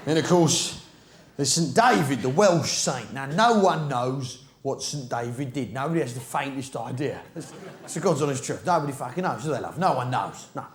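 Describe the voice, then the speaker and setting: A middle-aged man doing live stand-up comedy, with brash, blokey banter aimed at the audience and sudden shouts to rouse the crowd. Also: mid-range voice, lively intonation, normal speed. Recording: roomy live venue, loud audience.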